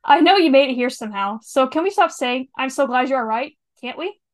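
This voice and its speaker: A practical, blunt adventurer in a storybook, read out by a woman. The voice is fairly high, in a plain reading tone. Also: expressive, brisk. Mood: matter-of-fact. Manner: read aloud casually from a script.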